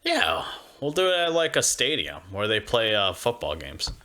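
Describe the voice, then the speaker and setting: A young man co-hosts a loose podcast, his voice bright and forward, sitting a touch low in pitch. He jokes, rambles and swears freely, bouncing ideas off his partner. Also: wildly swooping pitch, normal speed. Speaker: podcast co-host. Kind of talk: casual podcast chat.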